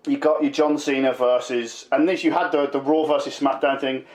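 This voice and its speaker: A man's voice: medium pitch, fairly even intonation, brisk, a little mellow. A man, chatting casually about wrestling as a podcast co-host, rambling and emphatic. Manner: rambling, emphatic, full of fillers. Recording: roomy echo.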